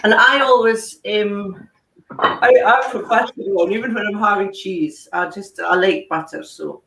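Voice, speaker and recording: A woman's voice: medium pitch, a little slow, a bit bright. A woman hosting an online whisky dinner in a chatty way, with laughs and half-finished sentences. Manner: chatty, laughs often, trails off mid-sentence. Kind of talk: casual tasting demonstration. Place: home, on a video call. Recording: echoey room, distant mic, faint noise.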